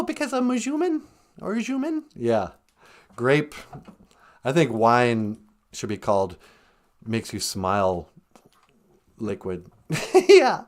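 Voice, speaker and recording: Hosting a casual live-stream podcast, a man with a lowish voice teaches words at an unhurried, musing pace. He chuckles often as he goes.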